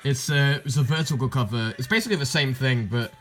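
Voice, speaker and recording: Music runs in the background as a young English guy quickly talks through his tape collection in a mid-range voice. It's a casual show-and-tell full of rambling, self-corrections, and deadpan comments.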